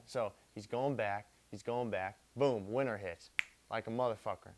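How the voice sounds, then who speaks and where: A man's voice: fairly low pitch, normal speed, darkish tone. A young man retelling history drunk, rambling and repeating himself, swearing constantly and using street slang. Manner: profane, repetitive, street slang. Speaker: drunk storyteller.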